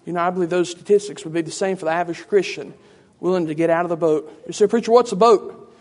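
A man's voice: a little high, little pitch movement, very fast, a little mellow. A man preacher giving a teaching sermon in a conversational way, with many rhetorical questions.

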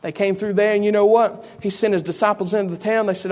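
High-voiced preacher man. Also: steady tone, fast talker, darkish tone. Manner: preaching with repeated rhetorical questions to the congregation. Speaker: pastor. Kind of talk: sermon.

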